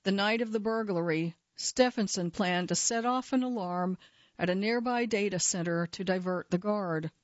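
A woman tells a true-crime story in a measured, scripted narration. Her voice sits in a middle range. The recording is dry and a little dull, with almost no room sound. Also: mid-range voice, no room sound.

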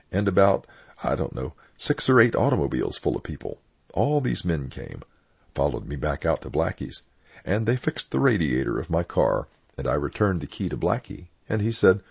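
An older man, a clergyman, reading his own personal anecdotes aloud in a plain, unhurried storytelling manner. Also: rumbling low, very animated, creaky, slightly rough, no room sound. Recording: dull lo-fi dry recording.

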